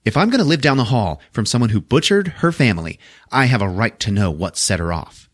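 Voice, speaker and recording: A man's voice: on the low side, expressive, a little fast, dry recording, studio quality. A man voicing a catty, prying woman patient in group therapy. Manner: sharp, prying.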